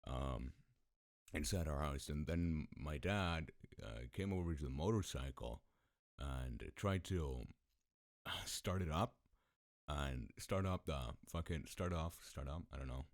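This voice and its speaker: A man with a deep voice telling stories casually as a podcast host, laid-back, swearing freely and laughing often. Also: measured pace, no echo, clean studio sound. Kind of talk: casual storytelling.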